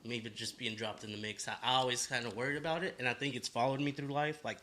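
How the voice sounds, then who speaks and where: A man's voice: medium pitch, steady tone, fast talker, pushed and bright, slight background noise. A man speaking as a podcast guest in a loose, rambling way, full of fillers and casual swearing. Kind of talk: casual conversation.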